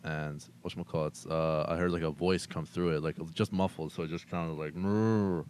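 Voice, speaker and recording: A man's voice: very deep voice, flat delivery, brisk, slight background noise. A man in casual chat, speaking loosely and fumbling for words. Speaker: guest.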